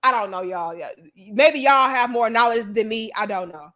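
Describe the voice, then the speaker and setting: A young adult woman tells a story to her viewers in a casual, animated, chatty way, swearing freely and calling them y'all. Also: a little high, moderate pace. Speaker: vlogger.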